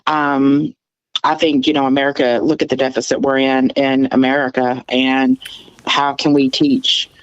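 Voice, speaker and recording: A man's voice: medium pitch, flat delivery, moderate pace, clean tone, no room sound. A man calling in to a livestream, talking thoughtfully with hesitant starts. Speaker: call-in guest. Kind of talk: casual chat. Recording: dull dry call audio.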